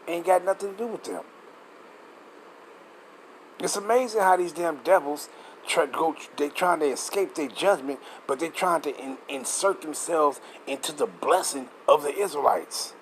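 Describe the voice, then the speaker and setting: A man's voice: a little high, fairly bright tone, slight background noise, rough recording. A man teaching scripture in a loose, casual way, reading passages aloud and breaking off with blunt, profane comments and rhetorical questions.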